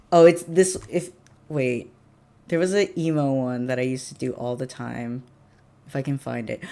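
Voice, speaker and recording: A woman livestreaming, chatting casually with viewers, laughing often and breaking into excited bursts. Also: extremely low pitch, moderate pace. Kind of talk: casual live-stream chat.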